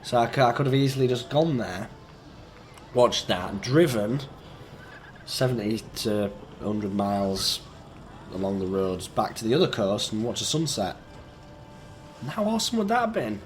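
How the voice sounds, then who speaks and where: Croaky, sick young man. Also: fairly low pitch, lively intonation, normal speed, long pauses, a little hiss or hum. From England. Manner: rambling, chatty, easygoing. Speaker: gaming YouTuber. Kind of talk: rambling let's-play commentary.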